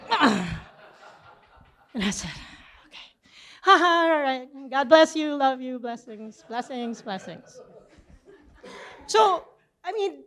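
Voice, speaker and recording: A middle-aged woman teaching a church session, telling a personal story with lively back-and-forth dialogue. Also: fairly high pitch. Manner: animated storytelling, acting out both sides of a conversation.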